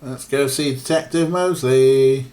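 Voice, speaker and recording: A man's voice: medium pitch, measured pace, dark tone. A young man streaming an old adventure game, giving sarcastic, swearing commentary. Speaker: let's play streamer. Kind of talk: casual gameplay commentary.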